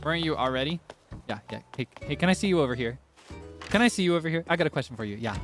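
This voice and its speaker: A man's voice: on the high side, expressive, very fast, fairly bright tone, soft background music. A young man chatting casually while streaming a game, theatrical and playfully whiny, laughing often.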